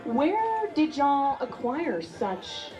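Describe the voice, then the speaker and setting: A woman's voice: sits high, sing-song, drawn-out words, music in the background, low-quality recording. A woman emceeing a live eating contest on a handheld mic, bubbly and joking as she chats with contestants. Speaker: event emcee. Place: busy restaurant event.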